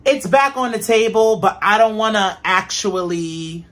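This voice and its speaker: A woman hosting a podcast, telling stories in casual chat and acting out quotes with big jumps in pitch. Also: expressive, measured pace. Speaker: podcast host.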